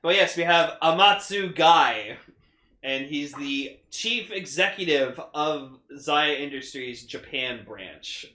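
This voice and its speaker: A man's voice: on the high side, lively intonation, takes it slowly, sharp tone. A man co-hosting a casual podcast chat, talking loosely with stammered restarts. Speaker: podcast co-host. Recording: roomy echoey mic.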